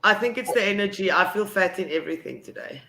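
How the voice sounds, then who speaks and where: A woman from South Africa co-hosting a morning show, soft and subdued in her replies. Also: mid-range voice, fast, roomy sound. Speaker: co-host.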